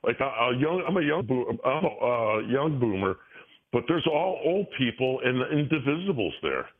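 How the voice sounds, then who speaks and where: A man's voice: mid-range voice, big pitch swings, moderate pace. A man in his sixties, a guest talking in a rambling way, with many restarts and frequent chuckles. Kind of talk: casual interview talk. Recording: tinny phone line.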